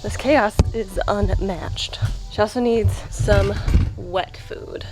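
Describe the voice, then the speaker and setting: A woman's voice: mid-range voice, a little slow, echoey room, music in the background. A woman in her thirties chatting casually in a get-ready-with-me vlog, rambling and poking fun at herself while she gets ready at home. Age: 30s. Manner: chatty, self-mocking, rambling. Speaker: vlogger and kitten foster.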